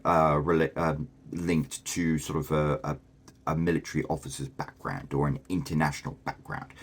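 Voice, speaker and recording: Very deep, husky man. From England. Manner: chatty, thinks aloud with many fillers and restarts. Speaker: vlogger. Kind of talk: casual explanatory talk to camera.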